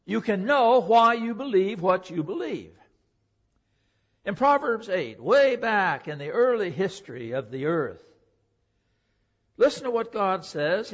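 A man preaching a sermon, emphatic, swinging between loud declaring and hushed, quiet passages. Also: sits high. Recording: dull lo-fi recording.

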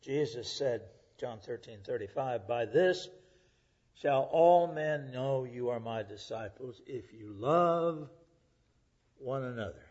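A middle-aged male preacher delivering a sermon, rising to loud emphasis and dropping to hushed, whispered lines. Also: medium pitch, animated, takes it slowly. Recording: dull lo-fi recording.

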